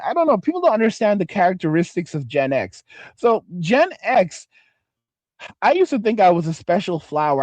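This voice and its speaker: A man's voice: fairly high pitch, darkish tone, no echo. A man in his forties hosting a casual livestream, reading viewer comments and rambling with lots of swearing and restarts. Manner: profane, rambling, self-interrupting. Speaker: livestream host.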